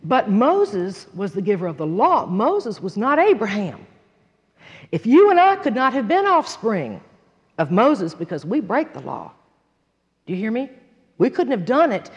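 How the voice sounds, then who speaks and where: A woman teaching a sermon, earnest and emphatic, moving between loud conviction and hushed personal storytelling. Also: medium pitch, breathy edge, in a large hall, lo-fi sound. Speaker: Bible teacher.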